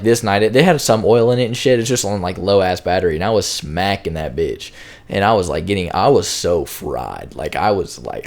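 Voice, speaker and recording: A young man tells a long, rambling storytime for his YouTube audience, packed with slang and filler words. His voice is low and a little mellow.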